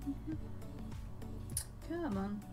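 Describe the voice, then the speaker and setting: A woman's voice: high voice, animated, drawn-out words, over music. Giggly woman chatting over a call. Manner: giggly, laughs often, chatty. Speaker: co-host on the stream. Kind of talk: casual chat.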